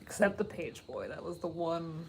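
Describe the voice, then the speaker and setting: A woman chiming in quietly during casual podcast chat, teasing the host. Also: sits low, animated, moderate pace.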